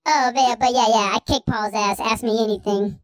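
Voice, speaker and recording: A man's voice: sits high, fairly even intonation, moderate pace, clear, resonant tone, lightly acted. A man voicing a cocky young boy who brags and talks tough, as a comedy podcast bit. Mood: boastful. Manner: boastful, mock-tough.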